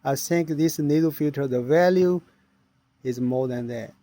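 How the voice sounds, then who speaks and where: Man, middle-aged, earnest storytelling, somewhat high pitch, non-native english. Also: a little slow, warm tone, slight background noise. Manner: earnest, non-native phrasing, acts out quoted voices. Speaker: inventor sharing his story. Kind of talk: personal storytelling.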